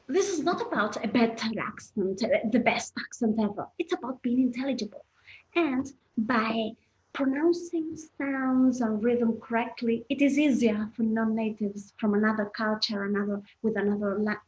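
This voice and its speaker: A woman's voice: fairly high pitch, darkish tone, highs cut off. A woman teaching English pronunciation in an online webinar, patiently explaining and encouraging students in the chat.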